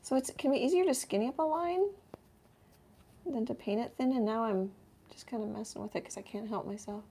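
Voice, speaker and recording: A middle-aged woman with a gravelly, mellow voice hosts a relaxed live painting session. She talks casually while she works, thinking aloud and often leaving a sentence unfinished before starting another. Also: a little high, a little fast. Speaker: art teacher and channel host. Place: home art studio, indoors.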